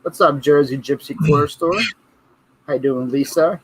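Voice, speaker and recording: Husky-voiced man hosting a livestream. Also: on the high side, brisk, poor audio. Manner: reads viewer comments aloud, laughs often. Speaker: livestream host. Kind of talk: casual livestream chat.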